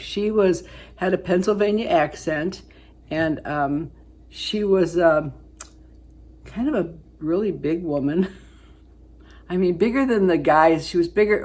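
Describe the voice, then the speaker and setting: A woman in her seventies chatting casually through a makeup tutorial, rambling into family stories and then going soft when she works on her eyes. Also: sits low, husky. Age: 70s. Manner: chatty storyteller, rambling with fillers, dropping to soft asides while applying makeup. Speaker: beauty vlogger.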